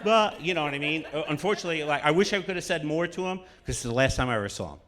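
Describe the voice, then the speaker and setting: A man's voice: fairly high pitch, lively intonation, very fast, a bit bright. A man telling a rambling, profane comic story live on stage, laughing as he goes. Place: on stage at a cultural center.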